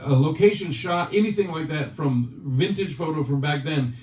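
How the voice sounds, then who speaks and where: A man's voice: fairly high pitch, moderate pace, darkish tone. Teasing man hosting a casual chat. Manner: teasing, joking banter. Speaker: channel host. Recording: roomy, distant, dull sound.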